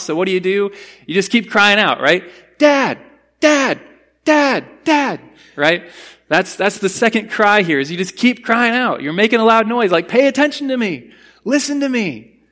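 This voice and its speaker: A man preaching a sermon in an earnest, emphatic way, slowing down to stress key phrases and explaining Bible words in a teaching tone. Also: high-pitched, sharp tone. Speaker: pastor.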